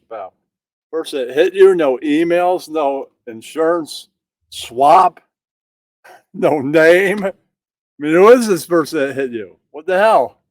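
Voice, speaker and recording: Brief: man, slightly high voice, very slow mocking delivery, dry close sound. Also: no room sound. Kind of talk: casual chat.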